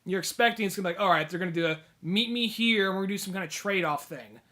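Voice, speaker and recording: A man's voice: high-pitched, racing, sharp tone. A man co-hosting a comedy podcast, rambling and swearing as he recaps a movie and acts out bits of dialogue. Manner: rambling, profane, acts out quotes. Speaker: podcast co-host. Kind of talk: casual comedy podcast chat.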